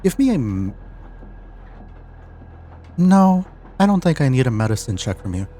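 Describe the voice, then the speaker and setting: A man's voice: medium pitch, big pitch swings, warm tone. A man narrating as game master of an online tabletop game, stumbling and restarting as he describes things. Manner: halting, restarts while describing, self-deprecating.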